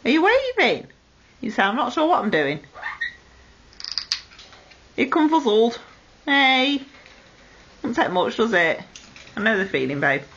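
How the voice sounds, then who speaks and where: A woman's voice: a little high, very animated, measured pace, long pauses, fairly bright tone. A woman talks baby talk to her pet parrots at home, coaxing them and scolding them fondly. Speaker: pet owner. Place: home room with parrot cages. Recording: lo-fi 2008 home video with faint noise.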